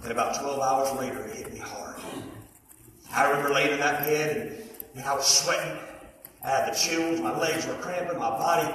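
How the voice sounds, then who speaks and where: A man preaching a personal testimony, quiet storytelling breaking into shouts and sung hymn lines. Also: fairly high pitch, normal speed, slight background noise. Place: church service. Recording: echoey church hall, mic far off.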